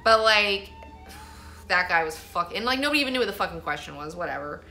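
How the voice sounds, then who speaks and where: A woman's voice: fairly low pitch, lively intonation, brisk, bright, forceful tone, faint music behind. A woman vlogger telling a story in a rambling, profane way, filling her talk with "like.". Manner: rambling, profane, heavy use of "like". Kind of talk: casual storytelling monologue.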